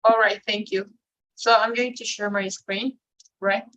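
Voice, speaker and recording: A woman's voice: medium pitch, steady tone, a little slow, fairly bright tone. Bilingual woman teaching English grammar. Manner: switches between English and Spanish, tags sentences with "right?". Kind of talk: online class explanation.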